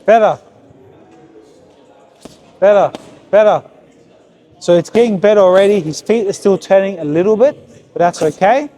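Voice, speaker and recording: A man's voice: high-pitched, moderate pace, pauses often, mellow. A man coaching a young boxer at a heavy bag, giving short, repeated, encouraging cues. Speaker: boxing coach. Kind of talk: hands-on coaching session. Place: boxing gym with heavy bag.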